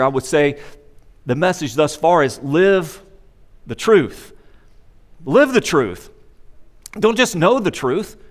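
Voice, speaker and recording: A middle-aged man preaching a sermon in a church, conversational and emphatic, repeating key phrases, on a wearable microphone. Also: on the high side. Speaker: pastor. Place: church sanctuary. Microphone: wearable microphone pack.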